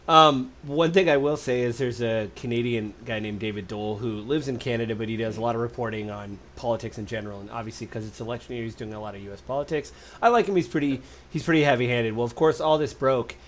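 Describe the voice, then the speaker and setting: A man co-hosting a casual political podcast, rambling quickly and acting out quotes in other voices. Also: medium pitch. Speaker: podcast co-host. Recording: faint background noise.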